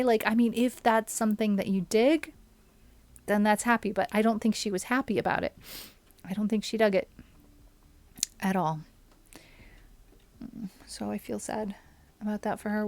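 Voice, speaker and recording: Slow-talking woman streamer chatting. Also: mid-range voice, darkish tone, no echo. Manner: chatty, musing aloud and answering chat. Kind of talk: casual live-stream chat while playing.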